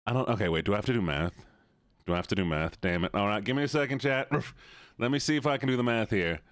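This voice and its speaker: A man's voice: lowish voice, fast, no echo. A man streaming to his viewers in casual chat, playful and laughing often as he thanks them.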